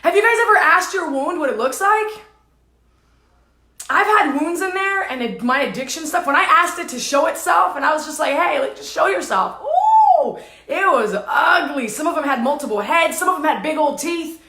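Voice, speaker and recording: Woman, high voice, spiritual teacher, intense repetitive affirmations, echoey room. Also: animated, moderate pace, pushed and bright. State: tearful and dizzy at times. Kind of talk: emotional spiritual talk to viewers. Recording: roomy echo.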